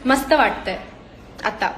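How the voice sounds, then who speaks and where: A woman's voice: on the high side, expressive, very fast, a bit bright. Bubbly Indian woman on a live stream. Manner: bubbly and chatty, laughs easily, sends hugs and kisses. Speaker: actress hosting a fan live stream. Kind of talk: casual live-stream chat reading fan comments aloud. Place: indoor room away from home, on a work day. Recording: echoey room on a phone stream.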